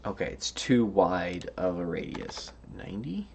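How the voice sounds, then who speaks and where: Deep gravelly man coding aloud, slow. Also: sing-song, a little mellow, slight background noise. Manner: musing, hesitant, many fillers and restarts. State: tired, yawning. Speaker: coding tutorial host. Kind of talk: thinking-aloud coding walkthrough.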